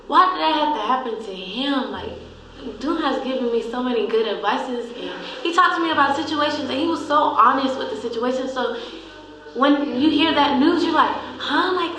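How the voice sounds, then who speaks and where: A young woman co-hosting a vlog, telling a story in an animated way while holding back tears. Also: sits high, normal speed, background noise. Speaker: co-host, friend. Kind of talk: emotional storytelling. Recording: echoey room.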